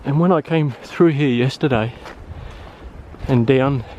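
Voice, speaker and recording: A man's voice: mid-range voice, takes it slowly, highs cut off. Breathless man hiking, wind on the mic. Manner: relaxed, hesitant with many fillers. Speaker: outdoor vlogger. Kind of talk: casual vlog narration while hiking. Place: outdoors on a wooded trail. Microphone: handheld camera mic. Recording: wind noise on camera mic.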